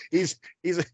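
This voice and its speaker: A man's voice: fairly high pitch, creaky, no echo. A man co-hosting a casual comic book podcast, easygoing and chuckling, often stammering as he starts his points. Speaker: podcast co-host.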